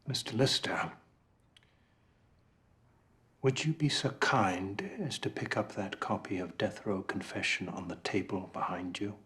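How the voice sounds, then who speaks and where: An actor playing a composed, cunning middle-aged male author who speaks in a measured, formal and coolly polite way in a courtroom film drama. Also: low voice, fairly bright tone. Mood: smug. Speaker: crime novelist on trial.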